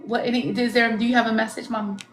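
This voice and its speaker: Halting psychic medium woman on a live stream. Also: a little high, flat delivery, a little hiss or hum. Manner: halting, searching for words, coaxing; relays messages with swoops up into quoted speech. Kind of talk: live-stream spirit reading.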